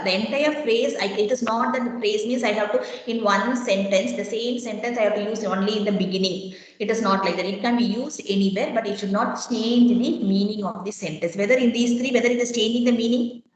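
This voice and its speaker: A woman lecturer giving a classroom lesson, explaining step by step and quizzing her students with repeated questions. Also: on the high side. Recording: very echoey classroom.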